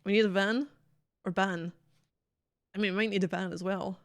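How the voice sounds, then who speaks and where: A woman's voice: medium pitch, steady tone, moderate pace, no echo, clean studio sound. A woman streaming a video game, chatting bluntly and casually with plenty of swearing. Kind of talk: casual livestream commentary.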